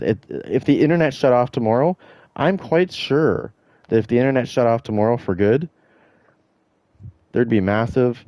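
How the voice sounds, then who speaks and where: Profane, rambling gaming streamer, low voice. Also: male voice, warm tone, dry recording, muffled recording. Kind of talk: casual rant while streaming.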